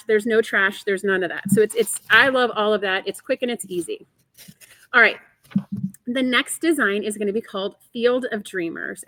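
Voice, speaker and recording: A woman's voice: fairly high pitch, a bit bright, no echo, poor audio. Chatty, upbeat woman hosting a livestream. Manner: chatty, enthusiastic, reads and answers viewer chat. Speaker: host of a quilting shop livestream. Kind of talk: upbeat live product show.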